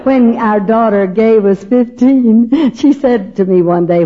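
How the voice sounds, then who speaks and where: A woman's voice: on the high side, unhurried, few pauses, dull audio, noisy background. An older woman telling her personal faith testimony in a folksy, humorous, chatty way, acting out what others said. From Texas. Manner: humorous, chatty, emotional, acts out the voices of others. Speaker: speaker giving a personal testimony.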